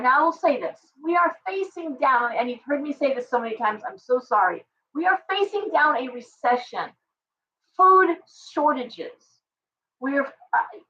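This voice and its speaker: A woman's voice: high-pitched, a little slow, far from the mic, muffled recording. Chatty ranting woman reading tarot. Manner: chatty, ranting, animated asides. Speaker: tarot reader and live stream host. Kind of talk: casual livestream tarot reading.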